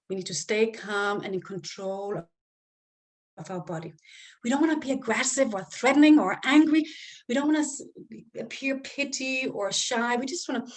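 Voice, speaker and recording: A woman giving calm, step-by-step parenting advice as a coach, sometimes acting out what to say to a child. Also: mid-range voice. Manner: calm, explains step by step and acts out example phrases to a child.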